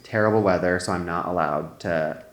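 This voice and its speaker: A man's voice: low voice, moderate pace, echoey room. A man co-hosting a comedy podcast, telling a story casually with lots of filler words. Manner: rambling, full of "like" fillers. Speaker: podcast co-host.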